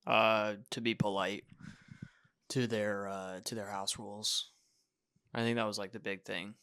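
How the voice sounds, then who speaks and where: A young man guesting on a podcast, speaking quietly and hesitantly, his sentences trailing off. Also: lowish voice, little pitch movement, measured pace, a little hiss or hum. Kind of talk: casual podcast chat.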